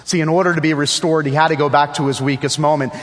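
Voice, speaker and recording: A man with a fairly high voice delivers a sermon. He drives his points home with repeated phrases and rhetorical questions. His voice rings with the long reverb of a large hall. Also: fairly even intonation, fast talker, fairly bright tone. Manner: emphatic, repetitive preaching with rhetorical questions. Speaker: preacher.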